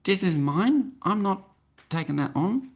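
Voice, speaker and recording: A woman in her sixties, a podcast guest, speaking in an earnest, measured way with frequent fillers. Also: mid-range voice, lively intonation, husky. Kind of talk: reflective interview talk.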